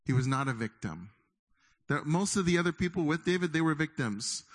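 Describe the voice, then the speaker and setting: Middle-aged male pastor, lively conversational sermon, slips into acted inner voices. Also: mid-range voice, normal speed. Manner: animated, acts out inner voices of listeners.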